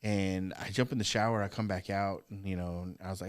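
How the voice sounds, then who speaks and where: With a lowish voice and slightly quick delivery, this podcast co-host gets animated as he tells a story over casual chat. He plays out the quoted lines and swears heavily.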